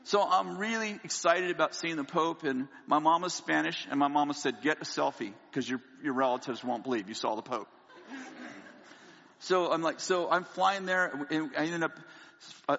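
Lively storytelling preacher in a hall. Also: male voice, fairly high pitch, creaky. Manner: animated storyteller, acts out dialogue, laughs often. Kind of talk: sermon with a humorous personal story. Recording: long hall reverb, dull lo-fi sound.

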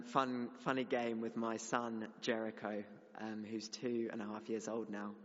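A man's voice: mid-range voice, a bit bright. A young man delivers a sermon in an earnest, steadily building voice. His words ring out with a long reverb through a church hall, and the recording itself is slightly dull and muffled. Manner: earnest, building to emphatic exhortation. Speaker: preacher.

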